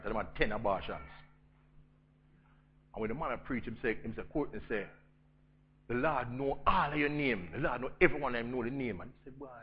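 A man with a Jamaican accent preaching a storytelling sermon, swinging between loud emphasis and hushed intensity. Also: mid-range voice, muffled recording, slight background noise.

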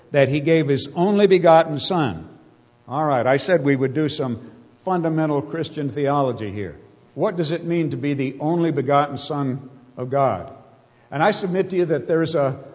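A man preaching a sermon, emphatic and full of rhetorical questions, slowing down to stress key words. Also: fairly high pitch, a little mellow. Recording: muffled sound with long hall reverb.

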